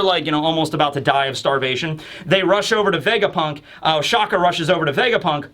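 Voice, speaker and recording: A young man talks through a manga chapter in a casual, animated way. His voice sits high for a man and sounds bright and forceful. He keeps jumping up into even higher voices to act out the characters' lines. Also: fast, hardly any pauses. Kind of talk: casual recap and commentary.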